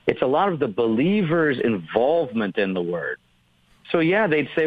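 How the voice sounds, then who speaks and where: A man's voice: mid-range voice, very animated, normal speed, no room sound, phone-quality sound. A man, a pastor, explaining theology in an earnest, emphatic way during a podcast discussion.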